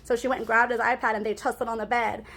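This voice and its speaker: A woman's voice: a little high, little pitch movement, fast, fairly bright tone. A woman in a casual storytime monologue, rambling and cussing as she talks to her viewers and keeps asking "right?".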